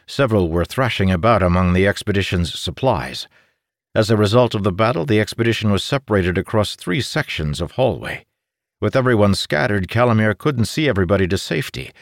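Low steady guy reading a fantasy audiobook, dry close sound. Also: brisk, no room sound. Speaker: audiobook narrator. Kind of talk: scripted fantasy narration.

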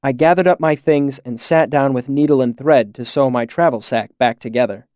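Dry, measured male storyteller. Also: medium pitch, a little mellow, no echo. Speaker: audiobook narrator. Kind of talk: scripted narration.

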